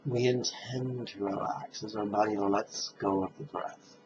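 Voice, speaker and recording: A man leading a guided meditation, speaking calmly and drawing out his recitations. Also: on the low side. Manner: slow, calm, drawn-out recitation. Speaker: meditation teacher. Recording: dull lo-fi sound with faint noise.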